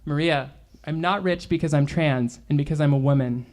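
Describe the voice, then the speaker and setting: A woman's voice: sits low, moderate pace, a little mellow, natural voice. A woman voicing a level-headed trans woman friend who talks bluntly and teasingly, at a bookstore reading. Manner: teasing, no-nonsense, profane.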